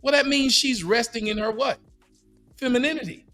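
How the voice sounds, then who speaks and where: A middle-aged man hosting a podcast, arguing in a preachy, mocking, animated way. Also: very high-pitched, normal speed, faint music behind. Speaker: podcast host. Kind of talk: heated casual debate. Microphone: studio mic.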